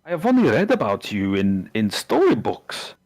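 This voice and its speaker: A man's voice: on the low side, wildly swooping pitch, normal speed, darkish tone, full character voice. A man voicing a sheltered village woman who keeps stammering in wonder as she questions her strange guests. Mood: amazed, inquisitive.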